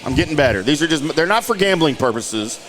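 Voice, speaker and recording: A man's voice: fairly high pitch, big pitch swings, fast, music in the background. A man hosting a casual podcast, joking and bantering with his co-hosts. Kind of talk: casual chat.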